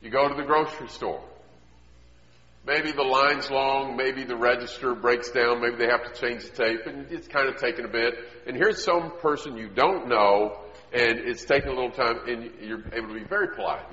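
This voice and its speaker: A man preaching a sermon in an earnest way, often dropping to quiet emphasis. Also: medium pitch. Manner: earnest, drops to quiet emphasis, acts out quoted voices. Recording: echoey hall, dull lo-fi sound.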